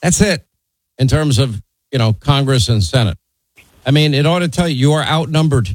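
A man's voice: mid-range voice, normal speed, no echo, rough recording. A man hosting a call-in talk radio show, talking bluntly and conversationally and teasing his callers.

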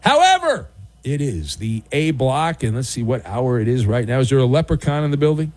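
A middle-aged man hosting a late-night sports talk radio show, riffing sarcastically with jokey, drawn-out emphasis. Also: medium pitch, mellow.

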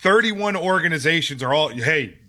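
A man's voice: a little high, lively intonation, unhurried, sharp tone. A man on a sports talk show, laughing as he acts out quotes. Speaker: show regular.

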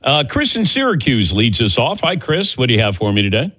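Husky, animated sports radio host. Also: male voice, medium pitch, a little fast, dry recording. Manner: jokey, animated banter with callers.

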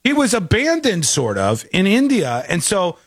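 An animated man reacting and chatting on a casual show, his pitch swinging widely and sitting a little high. He repeats himself and laughs often, recorded close and dry. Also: normal speed, husky, dry recording. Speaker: show host.

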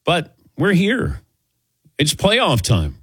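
A man's voice: a little high, huge pitch swings, drawn-out words, noisy background. A middle-aged man hosting a sports talk show, telling a self-mocking story in casual banter and acting out the voices he quotes. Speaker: sports radio host.

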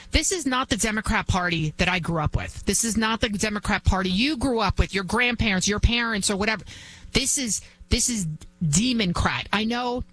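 A woman's voice: medium pitch, fairly bright tone, low-quality recording. Impassioned woman commentator. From United States. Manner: impassioned, emphatic, repetitive. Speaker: political commentary host. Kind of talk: opinionated monologue.

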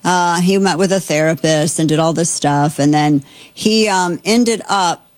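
Chatty woman host, low voice. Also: unhurried, dry recording. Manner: chatty and digressive, with frequent restarts. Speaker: show host. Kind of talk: casual news commentary.

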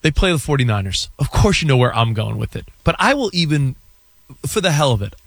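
A man co-hosting a sports radio show, chatting in an animated, excitable way and running through a team's schedule. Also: mid-range voice, fairly quick, creaky, dry recording. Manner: animated, jumps between excited bursts and asides. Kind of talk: casual sports talk banter.

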